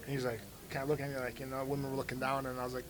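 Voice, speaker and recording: A man from Cleveland, a fighter answering press questions in casual talk, quick and full of "you know" and restarts. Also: mid-range voice, completely flat delivery, rough recording. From United States, Cleveland. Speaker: fighter being interviewed. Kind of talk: casual media scrum answers. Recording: crowd chatter behind.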